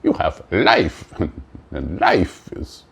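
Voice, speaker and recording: A man's voice: low voice, wildly swooping pitch, very slow, vocal fry, husky, full character voice. A man putting on a stern foreign-accented enforcer. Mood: mock-stern. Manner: mock-stern, broken grammar, laughing through it.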